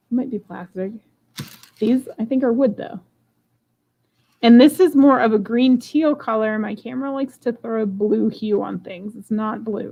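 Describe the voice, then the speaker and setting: Chatty woman with gravelly fry. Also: fairly high pitch, a little mellow, a little hiss or hum. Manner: chatty, playful, self-joking. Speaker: online jewelry seller. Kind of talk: live-stream unboxing and auction chat. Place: home room.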